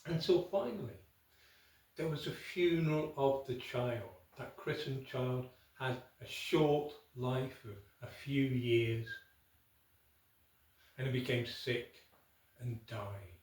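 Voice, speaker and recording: Male folk-tale storyteller with dramatic pauses, recorded far off in a very roomy space. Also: medium pitch, a little mellow. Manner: unhurried, dramatic pauses, rhetorical asides. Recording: echoey room, from far off.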